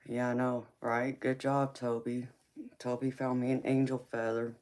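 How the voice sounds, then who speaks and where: Slow-talking Southern woman with a deep voice. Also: flat delivery, darkish tone. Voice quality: low, deep voice. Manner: easygoing, laughs often, calls viewers honey and baby. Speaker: tarot reader hosting a live stream. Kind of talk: casual live-stream chat, greeting viewers.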